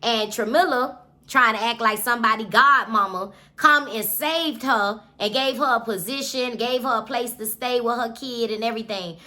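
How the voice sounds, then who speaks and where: A woman's voice: a little high, bright, forceful tone. A woman giving a casual, chatty recap of a novel, with lots of cussing and asides to her viewers. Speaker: book reviewer.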